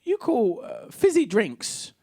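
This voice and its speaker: A man's voice: very high voice, wildly swooping pitch, slow, creaky. A man in his thirties performing a wry, chatty stand-up set in a comedy club, playing to the crowd. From England. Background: audience laughter.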